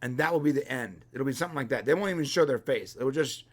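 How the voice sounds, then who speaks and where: A man's voice: medium pitch, expressive, quick pace. A man co-hosting a live review podcast, thinking aloud in an easygoing, casual way. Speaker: podcast co-host.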